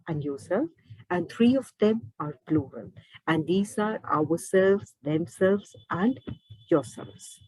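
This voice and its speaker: A woman's voice: lowish voice, darkish tone, breathy edge, no echo, rough recording. A woman teaching a grammar lesson, asking rhetorical questions and restating each point. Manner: repeats and rephrases points, asks rhetorical questions. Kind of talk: explaining lesson.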